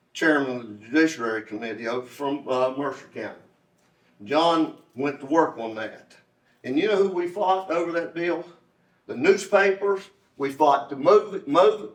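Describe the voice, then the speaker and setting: A man, giving a folksy, rambling campaign speech at a club meeting, repeating his points for emphasis. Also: medium pitch. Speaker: candidate for state delegate. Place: meeting room. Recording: roomy echo, distant mic.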